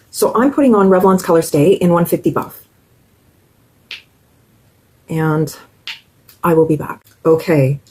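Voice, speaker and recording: A middle-aged woman with a husky, slightly low voice chats through a makeup tutorial. She is enthusiastic and talks straight to her viewers, with a mellow tone. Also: poor audio. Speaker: beauty vlogger. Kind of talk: casual makeup tutorial chat.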